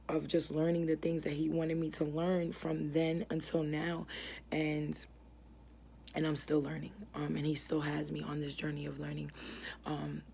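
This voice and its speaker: A young woman giving an earnest personal religious testimony, halting and full of fillers and restarts. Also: low-pitched, gravelly, dark tone, slight background noise. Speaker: ministry founder giving testimony.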